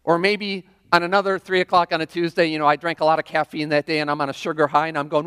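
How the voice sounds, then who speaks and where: A man's voice: a little high, little pitch movement, quick pace, few pauses, fairly bright tone, smooth. Conversational male preacher in a reverberant church. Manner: conversational preaching with frequent "right?" and audience questions. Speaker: pastor. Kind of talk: sermon. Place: church sanctuary. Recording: long reverb of a large hall.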